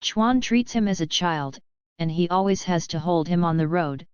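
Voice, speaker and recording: Woman narrator, steady audiobook read, smooth lower voice, dry muffled recording. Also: moderate pace, dry recording.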